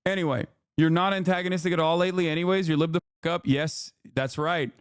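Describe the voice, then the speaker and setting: A man's voice: on the high side, fairly even intonation, quick pace, smooth, no room sound, studio quality. A man streaming from home, ranting and mocking his chat in a profane, casual commentary.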